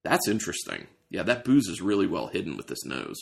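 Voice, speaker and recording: A man's voice: low-pitched, sing-song, fairly quick, creaky. A man hosting a casual beer tasting, describing aroma and flavor as he thinks aloud. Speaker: beer reviewer host.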